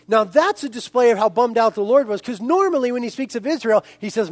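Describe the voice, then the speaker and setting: A male pastor preaching a sermon in an animated way, speaking directly to the congregation. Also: very high voice, fairly quick, few pauses, dry recording.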